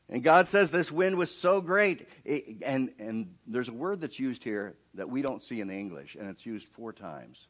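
A man preaching a sermon in church, telling the story with lively, animated delivery. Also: medium pitch, normal speed, hardly any pauses, dull audio. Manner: animated storytelling, acting out quoted voices. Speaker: pastor.

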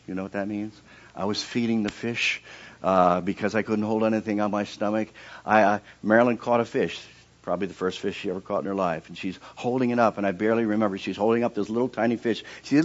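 A man preaching a sermon in church, telling the story with lively, animated delivery. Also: lowish voice, lo-fi sound. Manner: animated storytelling, acting out quoted voices. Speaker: pastor.

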